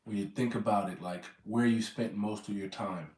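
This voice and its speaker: A man's voice: lowish voice, steady tone, normal speed, darkish tone. An American man chatting casually on a livestream, rambling and often repeating words as he corrects himself. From United States. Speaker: vlogger. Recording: roomy sound, mic at a distance.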